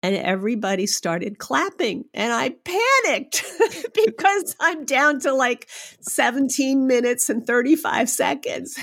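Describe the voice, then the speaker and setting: A woman guest on a podcast interview, telling a story in an animated, emotional way and laughing often. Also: a little high, a little slow. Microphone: remote podcast microphone.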